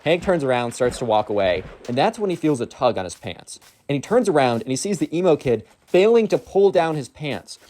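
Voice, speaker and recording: A man's voice: a little high, big pitch swings, fairly quick, few pauses, dark tone. A young man telling a story casually, rambling with lots of filler words.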